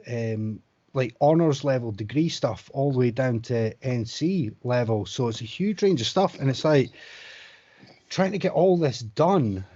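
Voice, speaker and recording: A man's voice: mid-range voice, warm tone, muffled recording. A man co-hosting a casual podcast chat, frank and sweary, who builds his points with rhetorical questions. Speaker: podcast co-host, college lecturer.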